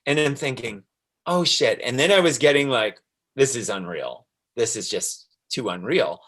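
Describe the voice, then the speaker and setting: Expressive and speaking at a normal speed, a man with a fairly bright, medium-pitched voice shares his interview-guest experience. He acts out the lines with energy and laughs frequently throughout the easygoing story.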